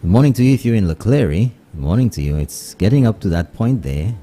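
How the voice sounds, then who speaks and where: A man with a Saint Lucian accent hosting a morning radio show, greeting listeners and mixing English with Kweyol in lively casual chat. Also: lowish voice, a little fast. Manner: switches between English and Kweyol, animated greetings.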